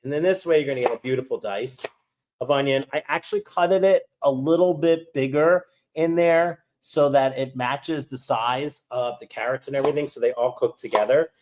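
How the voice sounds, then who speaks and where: A man's voice: mid-range voice, moderate pace. An upbeat man hosting a live cooking class, chatting and reading viewer comments as he cooks, eyes teary from cutting onions. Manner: animated, upbeat. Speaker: cooking host.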